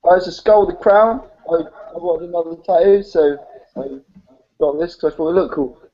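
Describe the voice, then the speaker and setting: A man's voice: fairly high pitch, moderate pace. A young man, a band guest answering questions plainly and a little shyly. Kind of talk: casual interview chat. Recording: dull lo-fi call audio.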